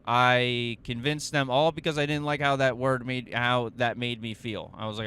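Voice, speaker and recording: A man's voice: mid-range voice, fairly even intonation, normal speed, hardly any pauses, pushed and bright, clean tone. A young man telling a story on his podcast, profane and self-mocking, rambling with fillers and restarts. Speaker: podcast host. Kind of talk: casual storytelling monologue.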